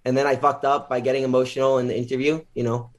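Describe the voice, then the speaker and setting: A man being interviewed as a guest, casually retelling a story with lots of filler words and animated quotes. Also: medium pitch, fast.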